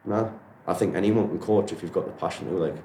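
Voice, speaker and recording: A Geordie martial arts coach from Newcastle, England, rambles through his stories in a friendly way, sprinkling in plenty of "you know" and "like." His low, mellow voice moves quickly in this casual storytelling interview. The recording is reverberant, with a faint hiss or hum.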